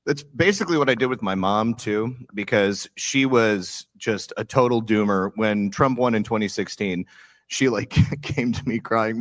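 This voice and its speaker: A man's voice: lowish voice, moderate pace, dry recording, clean studio sound. A young man hosting a casual political chat, often breaking into laughter as he tells stories.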